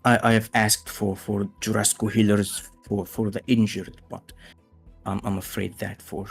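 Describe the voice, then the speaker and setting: A man's voice: fairly low pitch, level tone, normal speed, gravelly, breathy edge, soft background music. A man narrating a tabletop game as game master, hesitant and full of fillers as he voices other characters.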